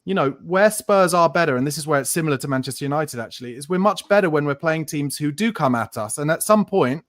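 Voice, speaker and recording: A man's voice: on the high side, expressive, fast talker, a bit bright, no room sound, studio quality. A man hosting a casual football podcast, talking at length in analytical detail and swearing casually. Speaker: podcast host.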